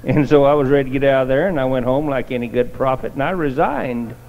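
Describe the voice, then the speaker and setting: A man's voice: medium pitch, fast. A man preaching, telling a homespun testimony in a colloquial, storytelling way. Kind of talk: folksy sermon testimony. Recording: dull lo-fi recording in a reverberant church hall.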